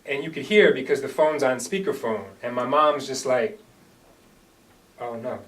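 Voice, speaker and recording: A man's voice: medium pitch, lively intonation, moderate pace, fairly bright tone. A man performing an earnest first-person dramatic monologue after a hesitant introduction. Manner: earnest storytelling, hesitant fillers when introducing. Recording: distant microphone.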